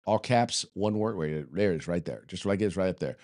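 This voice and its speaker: A man's voice: sits low, expressive, brisk, darkish tone, no echo, clean studio sound. An American man hosting a political commentary show, talking loosely with jokes, fillers and restarts. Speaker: podcast host.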